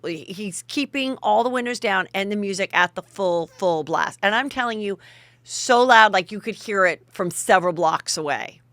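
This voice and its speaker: A woman's voice: medium pitch, no room sound. A middle-aged woman hosting a podcast, telling a story casually and acting out the people in it. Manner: animated, acts out the people in her story. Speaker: podcast host.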